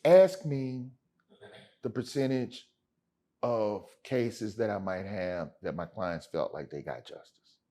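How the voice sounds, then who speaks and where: A man's voice: on the low side, animated, slow, warm tone. A man speaking as a lawyer guest in a casual interview, telling stories in an emphatic, slangy way. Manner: emphatic, slangy, addresses host as man and brother.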